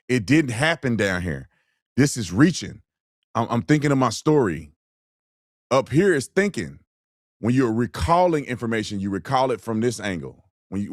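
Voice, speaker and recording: A man's voice: mid-range voice, no room sound, clean studio sound. A man giving blunt, mocking, heated commentary on video clips, with slangy, colloquial speech. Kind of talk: opinionated commentary.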